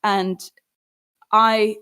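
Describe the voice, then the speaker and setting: A young adult woman, a singer talking casually and earnestly to fans on a livestream, encouraging and animated, with sudden rises in pitch. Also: very slow, clean tone. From Philippines. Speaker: singer and artist answering fans.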